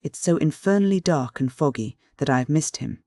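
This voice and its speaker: An audiobook reader voicing an anxious young gentleman who speaks low and hushed. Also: expressive, fairly quick, dry recording, clean studio sound, natural voice.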